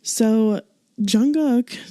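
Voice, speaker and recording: A woman's voice: on the high side, extremely slow, warm tone, no echo, clean studio sound. A woman co-hosting a podcast, chattily recapping a variety show episode, giggling and acting out quotes. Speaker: podcast co-host.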